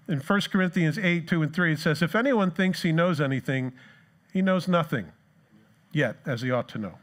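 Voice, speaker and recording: Man, pastor, sermon in church, fairly high voice, animated storyteller. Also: moderate pace.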